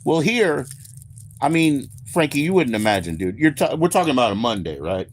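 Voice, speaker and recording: A man's voice: medium pitch, very animated, a little fast, slight background noise. An American man chatting casually on a livestream with viewers, rambling, laid-back and swearing freely. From United States. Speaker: livestream host.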